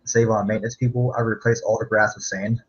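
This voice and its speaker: A man's voice: lowish voice, flat delivery, quick pace, slightly rough. A man co-hosting a casual sports chat, telling rambling stories with fillers and laughs. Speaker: podcast co-host. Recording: dull lo-fi sound.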